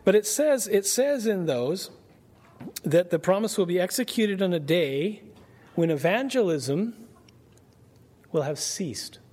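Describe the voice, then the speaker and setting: A man preaching a Bible-study sermon in a conversational way, asking his listeners rhetorical questions and slowing down to read scripture aloud. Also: high voice, lively intonation, darkish tone.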